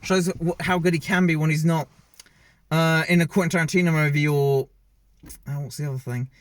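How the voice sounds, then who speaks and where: A man's voice: a little high, fairly even intonation, fairly quick, no echo. A man giving a casual, opinionated film review, rambling and often correcting himself mid-sentence as he films himself. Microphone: self-filmed camera.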